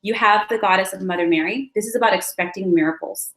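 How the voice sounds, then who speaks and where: A woman giving a weekly tarot and astrology reading, chatty and reassuring, talking straight to her viewers. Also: medium pitch. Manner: animated with quick asides and many fillers. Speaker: tarot reader. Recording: echoey room.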